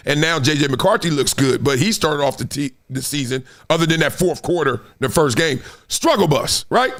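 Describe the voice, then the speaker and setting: A man with a voice on the high side hosts a casual sports commentary show at a normal speed. He's animated and slangy, speaks straight to his viewers, and slips into sing-song bits.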